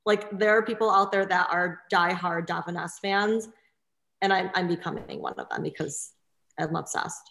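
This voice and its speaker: A woman salon owner chatting casually and telling lively stories. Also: on the low side, moderate pace, gravelly. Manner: animated, expressive storyteller. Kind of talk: casual chat, storytelling. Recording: echoey room.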